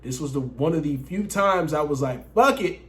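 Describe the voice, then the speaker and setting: Male vlogger with a higher voice, animated and profane, talks straight to his viewers. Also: moderate pace. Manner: profane, animated, keeps addressing viewers as guys. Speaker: dating coach vlogger. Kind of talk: casual storytelling.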